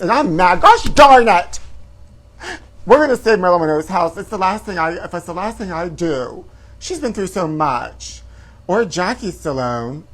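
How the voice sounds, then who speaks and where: A man hosting a comedy gossip show, talking in a flamboyant, campy way and calling listeners honey. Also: on the high side. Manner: flamboyant, calls viewers honey.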